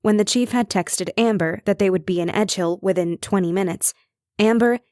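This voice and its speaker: A woman reading an audiobook in measured, even scripted narration. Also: medium pitch, dry recording, studio quality.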